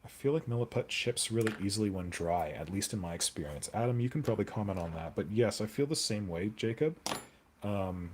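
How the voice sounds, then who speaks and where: A man's voice: on the low side, expressive, brisk, background noise. A young man chatting casually on a live stream while he sculpts, rambling and answering viewer comments aloud.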